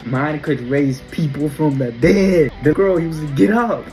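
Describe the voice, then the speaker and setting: A man giving a casual, excited faith reflection, telling the story in slangy everyday talk and exclaiming in wonder. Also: fairly high pitch, measured pace, faint music behind, rough recording. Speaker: Christian vlogger.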